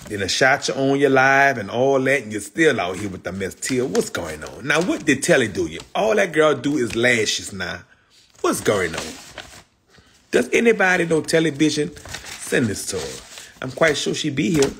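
A man's voice: medium pitch, big pitch swings, moderate pace, a bit bright, a little hiss or hum. A man hosting a casual livestream, talking in loose street slang, repeating himself and calling out viewers by name. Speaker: livestream host.

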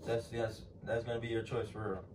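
A young man talks in loose slang and keeps a teasing, unbothered tone. His voice is mid-pitched and comes from some distance away. The room echoes, and clear noise sits underneath. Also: level tone, fairly quick. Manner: teasing, slangy, laid-back. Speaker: prankster vlogger. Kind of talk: casual argument. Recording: roomy, distant and noisy.

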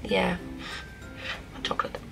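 A young woman vlogging a casual film review, gushing and excitable, often restarting her sentences. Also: takes it slowly, music in the background, poor audio. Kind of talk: casual spoiler review to camera.

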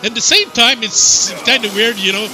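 A man's voice: very high voice, moderate pace, low-quality recording. A man chatting casually during a game playthrough, telling a rambling story with restarts and chuckles. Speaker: co-host of a gaming channel. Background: game music.

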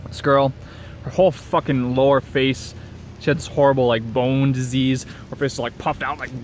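A man's voice: medium pitch, steady tone, normal speed, slight background noise. A man talking in a rambling, profane casual rant, repeating himself and chuckling between sentences.

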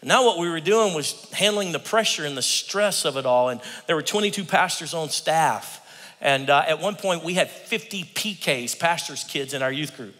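A man's voice: fairly high pitch, normal speed. Preaching man in a reverberant hall. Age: 50s. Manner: animated storyteller who laughs often. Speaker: guest preacher. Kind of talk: humorous sermon. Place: church sanctuary. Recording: long reverb of a large hall.

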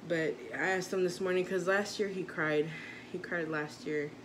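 With a fairly low pitch, a steady tone and a moderate pace, this mother in her thirties chats casually to her camera. Her vlog talk is heartfelt and meandering, with many restarts, and the recording has a noisy background.

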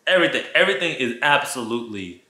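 Bright-voiced man telling a dramatic story. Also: mid-range voice, fast talker, echoey room, slight background noise. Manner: animated, profane, dramatic storytelling addressing viewers. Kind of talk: casual storytime vlog. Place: his apartment.

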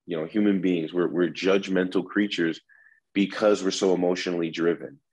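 A man with a deep, slightly husky voice explains negotiation skills in an interview. He is animated and acts out the example phrases, swinging his inflection up and down. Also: normal speed, low-quality recording. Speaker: negotiation instructor.

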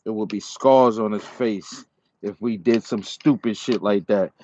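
A man delivers an angry rant straight to the camera, dragging his words out slowly and repeating the same taunts over and over. The recording is muffled and lo-fi, with a faint background hiss. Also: fairly low pitch, warm tone. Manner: repetitive, insulting, slow and taunting. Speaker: dog breeder and channel owner. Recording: dull lo-fi sound with faint noise.

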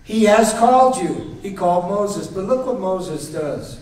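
A man's voice: high-pitched, lively intonation, measured pace, hardly any pauses, darkish tone. A male pastor preaching a sermon with a playful, storytelling manner, acting out scenes. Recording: very echoey hall, voice from far off.

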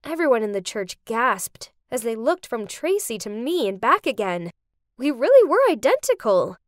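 A young woman giving dramatic scripted narration for an animated story. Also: a little high, moderate pace, dry recording, clean studio sound.

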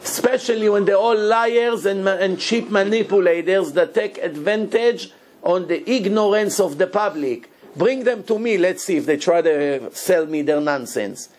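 A man, a rabbi, giving a Torah lesson in animated, broken English and acting out quotes. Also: sits high, moderate pace. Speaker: rabbi teaching a Torah class.

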